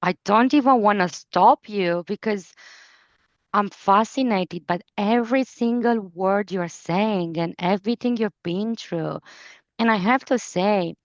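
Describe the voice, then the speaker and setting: Give me a slow, low-voiced woman host, recorded dull and dry. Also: dry recording. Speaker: podcast host. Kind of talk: interview.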